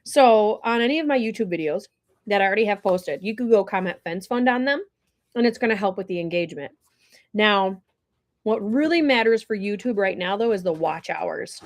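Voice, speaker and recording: A woman's voice: mid-range voice, animated, fairly quick. Chatty woman on a home livestream. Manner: chatty, rambling, talks while eating. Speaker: livestream host. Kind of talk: casual livestream chat. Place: home, at dinner table.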